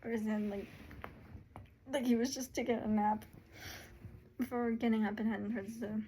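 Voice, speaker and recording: A woman's voice: fairly high pitch, level tone, normal speed, mellow, slight background noise, low-quality recording. A woman narrating her own story casually, with rambling, chatty asides.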